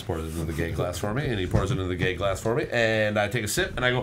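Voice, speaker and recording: A man's voice: on the low side, racing, few pauses, fairly bright tone, slight background noise. A man hosting a podcast in casual chat, a rambling storyteller who swears freely. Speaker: podcast host.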